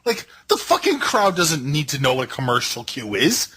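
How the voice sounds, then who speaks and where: A man co-hosting a casual wrestling review, ranting in a sarcastic, animated way. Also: mid-range voice, normal speed, slightly rough. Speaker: podcast co-host.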